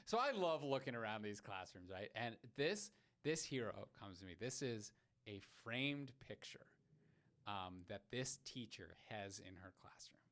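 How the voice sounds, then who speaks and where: Man podcast co-host, casual chat, lively melody, bright edge. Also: fairly low pitch, a little slow. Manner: expressive, breaks into laughter.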